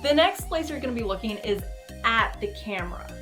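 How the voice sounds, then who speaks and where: A woman's voice: on the high side, lively intonation, brisk, a bit bright, soft background music. A woman hosting a casual cosplay tutorial, talking to the camera in a playful, goofy way and acting out expressions.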